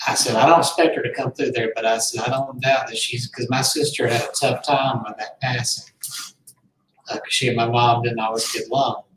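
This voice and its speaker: A man's voice: mid-range voice, steady tone, brisk, fairly bright tone. A man, telling a personal story to a host in an earnest, rambling, heartfelt way. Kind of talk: casual storytelling. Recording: roomy, distant mic, faint noise.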